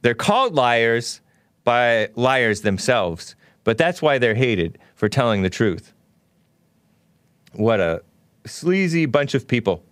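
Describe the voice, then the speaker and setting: A man's voice: mid-range voice, clean tone, no room sound. Scornful ranting male talk host. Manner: scornful, ranting, with mocking laughs. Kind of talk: opinionated monologue.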